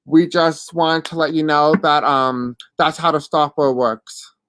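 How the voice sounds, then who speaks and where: A host with a deaf accent gives live readings and answers chat questions in a halting, apologetic way with many fillers. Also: mid-range voice, fairly even intonation, a bit bright, no echo.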